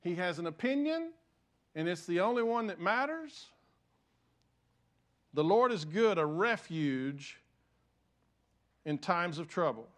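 An older man preaching a sermon, telling stories with self-deprecating humor and swinging from loud emphasis to soft, hushed lines. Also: sits high, sing-song, takes it slowly, long pauses. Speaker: pastor.

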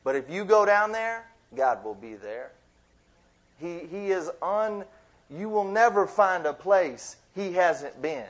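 A man preaches to a youth group in a loose, conversational way, breaking off into playful asides and building to emphatic points. His voice sits somewhat high for a man. The recording is dull and lo-fi. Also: animated, takes it slowly. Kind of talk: sermon. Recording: dull lo-fi sound.

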